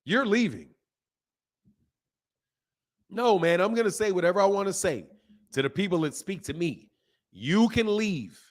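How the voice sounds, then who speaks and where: A man in his fifties hosting a boxing live stream, ranting at his chat in an animated, exasperated way. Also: high-pitched, normal speed. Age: 50s. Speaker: boxing channel host.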